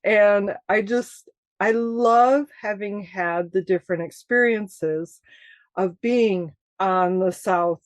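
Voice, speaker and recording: Woman from Michigan, author guest, animated storyteller with frequent laughs; dry, close podcast sound. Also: medium pitch, takes it slowly, dry recording. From Michigan, USA. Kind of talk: casual interview chat.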